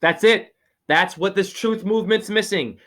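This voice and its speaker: A somewhat high-voiced man talks over a video call as a spiritual teacher. He is preachy and rambling, and his voice jumps up in sudden excited exclamations. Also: moderate pace. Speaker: spiritual teacher giving a name reading.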